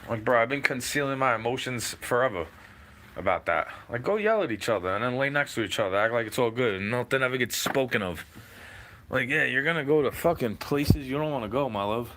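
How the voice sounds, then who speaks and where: A man's voice: mid-range voice, expressive, a little fast, sharp tone, slight background noise. Sarcastic, profane man ranting. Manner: mocking, mimics opponents. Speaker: livestream host. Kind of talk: unscripted rant. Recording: echoey room, far from mic, faint background ambience.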